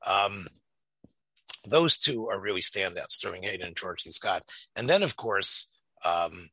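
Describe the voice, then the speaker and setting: Husky, bright-voiced man chatting about films. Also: low-pitched, animated, measured pace, no room sound. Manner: rambling, many restarts and fillers. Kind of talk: casual film discussion.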